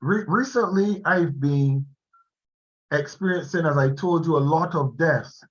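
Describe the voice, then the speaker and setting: A man giving a slow, animated motivational talk to an online class on a video call, laughing often as he speaks. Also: a little high, highs cut off.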